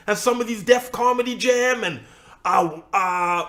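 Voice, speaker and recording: A man's voice: very high-pitched, brisk, fairly bright tone. A man co-hosting a casual podcast chat, opinionated and swearing freely as he argues his point. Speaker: podcast co-host.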